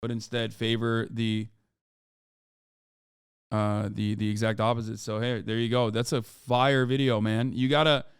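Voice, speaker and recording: A man's voice: mid-range voice, level tone, unhurried, clear, resonant tone, no echo, studio quality. A man streaming a reaction to a video, talking casually and rambling with many fillers, restarts and swearing.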